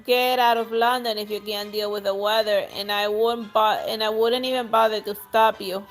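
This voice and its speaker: A woman's voice: medium pitch, flat delivery, normal speed, soft background music, close to an everyday voice. A woman reading out the lines of a lazy, sarcastic aristocratic husband in a game. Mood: dismissive. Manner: sarcastic, dismissive. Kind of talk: reading game dialogue aloud.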